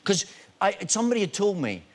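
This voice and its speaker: A Scottish man, a guest actor on a chat show, telling lively anecdotes and acting out the people in them. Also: high voice, brisk. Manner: animated storyteller, acts out voices in quotes. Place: TV studio with audience.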